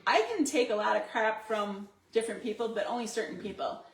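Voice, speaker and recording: A woman's voice: medium pitch, steady tone, fairly quick. A woman co-hosting a casual talk show, chatting and laughing often as she tells stories. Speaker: co-host. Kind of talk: casual chat. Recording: echoey room.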